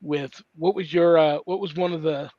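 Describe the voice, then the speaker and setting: A man hosting a podcast interview as a priest, speaking in a halting, effusive way with frequent restarts. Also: a little high, fairly even intonation, no echo. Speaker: host, priest. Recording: dull, dry lo-fi audio.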